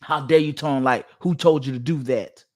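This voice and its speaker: A man's voice: mid-range voice, brisk, lightly acted. A man voicing an indignant woman who is angry at being shown the truth, firing off rhetorical questions.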